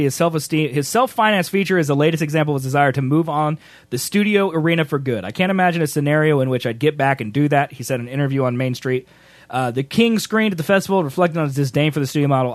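A young man co-hosting a podcast, joking in casual chat and reading news aloud. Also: no room sound. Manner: animated, joking, swings pitch widely. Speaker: podcast co-host.

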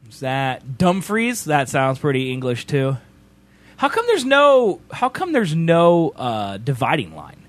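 A man's voice: fairly high pitch, huge pitch swings, measured pace. An American man co-hosting a casual, rambling, joking chat. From United States.

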